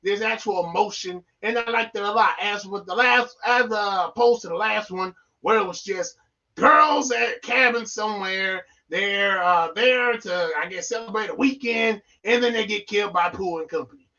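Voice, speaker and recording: A man's voice: high-pitched, normal speed, bright, forceful tone, muffled recording. A man reviewing a film on a casual live stream, rambling with playful, goofy asides.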